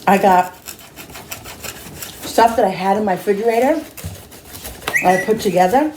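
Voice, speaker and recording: A woman's voice: medium pitch, moderate pace, background noise. A woman hosting a casual home cooking vlog, chatting to viewers as she tastes her food in her kitchen. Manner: chatty, talks to viewers while eating. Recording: echoey kitchen with clattering dishes.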